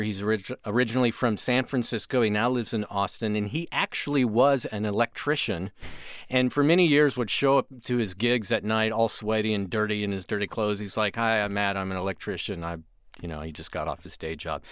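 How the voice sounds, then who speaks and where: A man with a smooth, clear voice at a mid pitch chats easily and teases now and then as he introduces a track. The sound is close and dry, with no room echo. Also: fairly quick, fairly bright tone. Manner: easygoing, teasing banter. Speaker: radio show co-host. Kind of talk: casual chat introducing a song.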